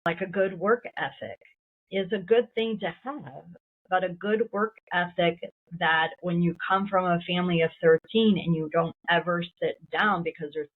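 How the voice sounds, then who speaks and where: A middle-aged woman co-hosting a podcast, talking reflectively and drawing out key words slowly. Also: on the low side. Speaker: podcast co-host. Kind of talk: casual conversation. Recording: tinny phone-like sound.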